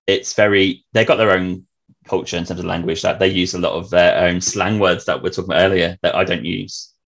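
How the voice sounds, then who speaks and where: A man's voice: low voice, steady tone, brisk, creaky, fairly bright tone. A man with a southern English accent, hosting a casual podcast chat and patiently explaining things with examples. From southern England. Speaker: podcast host.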